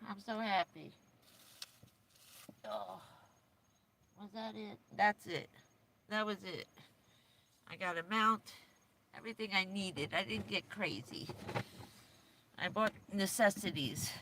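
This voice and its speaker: A woman's voice: mid-range voice, bright, forceful tone, a little hiss or hum. A woman livestreaming from inside her camper van, chatting casually and rambling along with lots of fillers and little laughs.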